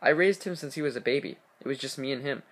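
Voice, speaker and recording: A man reading the part of a frightened mother who calls the police while hiding in the dark. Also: medium pitch, quick pace, lightly acted. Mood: grieving. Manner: pleading, breathless phone caller.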